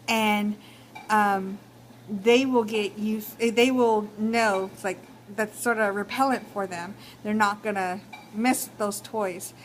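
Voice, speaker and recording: A woman's voice: mid-range voice, fairly even intonation, takes it slowly, slight background noise, rough recording. A young woman with a Texan accent giving casual advice in a vlog, talking chattily with many fillers. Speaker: vlogger.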